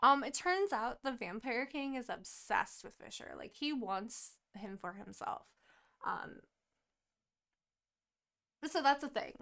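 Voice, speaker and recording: Young woman, slightly high voice, podcast co-host doing a loose, sweary, giggly book recap. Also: gravelly. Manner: animated, swearing, laughing, quick quoted asides. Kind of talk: casual book recap chat.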